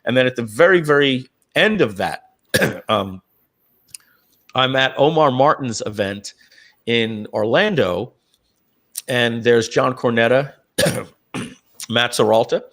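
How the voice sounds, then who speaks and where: A middle-aged man with an ordinary mid-range pitch tells a personal story at length. He restarts his sentences, doubles his words and clears his throat often, in a loose, conversational way. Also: slow, pauses often, fairly bright tone. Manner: rambling, with frequent restarts and repeated throat-clearing. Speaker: company founder.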